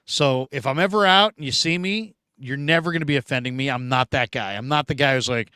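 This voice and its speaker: A man hosting a sports show, chatting casually and reading viewer comments, animated and talkative with loud bursts and quiet asides. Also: mid-range voice, a little fast, hardly any pauses, smooth, no room sound. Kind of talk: casual live-stream chat reading comments.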